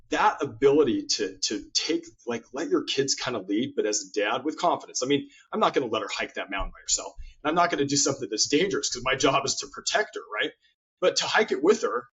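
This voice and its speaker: Man, interview guest, husky, earnest storyteller, repeats words, muffled lo-fi sound. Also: mid-range voice, fairly bright tone. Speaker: guest author. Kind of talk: interview conversation.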